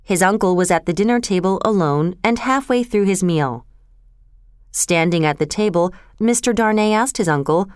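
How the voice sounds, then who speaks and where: A woman narrating a classic storybook tale in a measured, clear way. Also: medium pitch, no echo, studio quality. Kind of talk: storybook reading of a classic novel.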